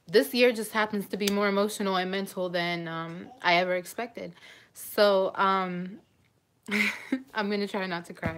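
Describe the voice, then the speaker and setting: A woman's voice: on the low side, fairly bright tone. A woman in her twenties chatting on a live stream from home into her phone, rambling and emotional, often breaking off mid-thought. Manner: rambling, emotional, self-interrupting. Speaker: vlogger. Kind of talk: casual live-stream chat.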